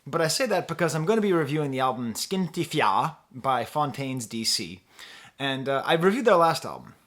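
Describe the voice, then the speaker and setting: A middle-aged man from the States hosts a casual music review, thinking aloud as he goes. He rambles and pokes fun at himself, often stopping and restarting a sentence. His voice sits at an ordinary middle pitch. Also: sing-song, normal speed, fairly bright tone. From United States. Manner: rambling, chatty, self-deprecating with frequent restarts. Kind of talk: casual talking-head review.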